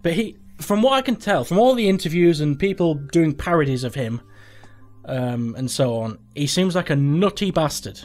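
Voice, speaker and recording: Young guy ranting through a quiz game, swears a lot, voice jumps all over the place, a bit high. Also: expressive, normal speed, a little mellow. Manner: sweary, incredulous, thinks aloud. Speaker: gaming channel host. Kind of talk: casual commentary while playing a quiz game.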